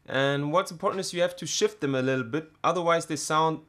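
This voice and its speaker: A man teaching a music production tutorial, talking in a halting way with many fillers and restarts. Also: fairly high pitch, pushed and bright. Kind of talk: screen-recorded software tutorial.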